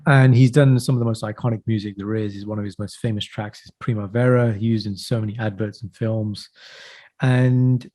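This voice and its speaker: A lowish, dark-toned male voice with fairly even intonation moves at a moderate pace. He co-hosts a podcast, chatting casually and spinning stories with enthusiasm, often throwing in the word "man."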